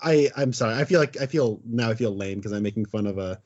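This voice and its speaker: A man's voice: lowish voice, fast talker, darkish tone, highs cut off. A man co-hosting a podcast, casually critiquing a film in a hesitant, self-deprecating way. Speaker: podcast co-host.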